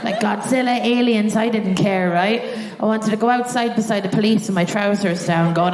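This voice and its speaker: A woman's voice: medium pitch, moderate pace, few pauses, crowd noise. An Irish woman performing a live stand-up set on a theatre stage, telling a story with acted-out voices. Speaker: stand-up comedian. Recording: roomy live theatre sound.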